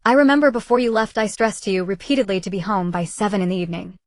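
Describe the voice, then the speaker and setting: A woman voicing a calm but stern young woman scolding her best friend, in an audiobook. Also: mid-range voice, fast talker, dry recording, natural voice.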